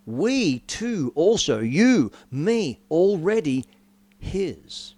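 A middle-aged man giving a sermon testimony, telling his story with dramatic rises and drops in pitch and volume. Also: big pitch swings, very slow, a little mellow, no echo. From Australia. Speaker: preacher.

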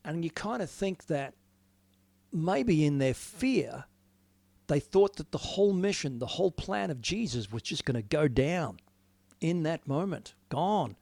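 Earnest gravelly-voiced male preacher. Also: fairly high pitch, sing-song, unhurried, no room sound. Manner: earnest, reflective, swings from hushed to emphatic. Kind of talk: informal sermon, devotional talk.

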